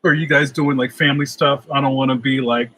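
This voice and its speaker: A man's voice: mid-range voice, fairly even intonation, quick pace, bright, forceful tone, slight background noise, rough recording. A middle-aged man hosting a casual livestream, reading out chat comments, laughing easily, and saying "yo" a lot. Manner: laughs often, says "yo".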